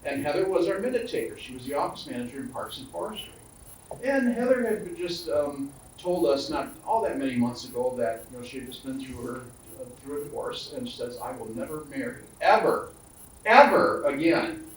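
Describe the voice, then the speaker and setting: A man's voice: mid-range voice, animated, brisk, a little mellow, slight background noise. A man and county supervisor telling a jovial anecdote about a former colleague, laughing along at a public meeting. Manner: jovial storyteller who laughs at his own tales. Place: county board meeting room. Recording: roomy, distant meeting-hall mic.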